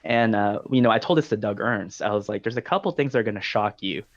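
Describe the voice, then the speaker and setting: A man's voice: fairly low pitch, quick pace, dry recording. A man hosting a podcast, telling long stories in a casual, talkative way with frequent ums and likes. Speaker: podcast host. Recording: dull dry lo-fi sound.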